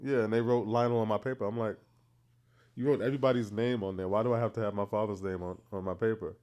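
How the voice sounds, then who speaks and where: A man's voice: lowish voice, fairly even intonation, fast, darkish tone, highs cut off. A man, co-hosting a podcast and telling family stories in a playful, teasing way. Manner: playful, teasing, laughs a lot. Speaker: podcast co-host. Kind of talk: casual storytelling chat.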